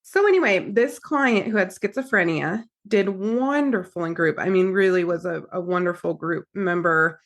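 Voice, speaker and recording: A woman's voice: fairly low pitch, moderate pace, hardly any pauses. A woman therapist and podcast host, telling a story in casual chat and acting out the quotes as she goes. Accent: American. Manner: animated storyteller, acts out quotes.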